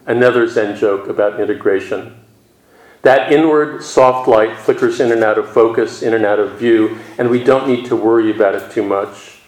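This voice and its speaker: Calm, reflective man in an echoey room. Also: on the low side, moderate pace. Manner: calm, reflective, gently wry. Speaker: Zen teacher. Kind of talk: dharma talk at a retreat.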